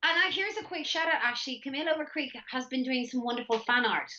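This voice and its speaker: Brief: playful woman guest, high and bright, heard on a lo-fi video call line. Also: fast, slight background noise. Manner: playful, laughs often, animated. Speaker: guest actress. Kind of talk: casual chat.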